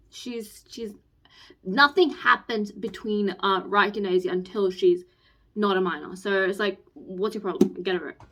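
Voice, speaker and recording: A young woman ranting about books on her vlog, gushing, fast-talking and squeaky when excited. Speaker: book vlogger. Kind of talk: casual book review rant.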